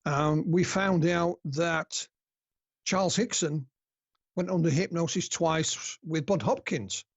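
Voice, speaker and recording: Husky northern English storyteller. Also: male voice, a little high, slow, no room sound, highs cut off. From north of England. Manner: chatty storyteller, laughs at own anecdotes. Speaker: guest researcher. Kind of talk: casual podcast interview.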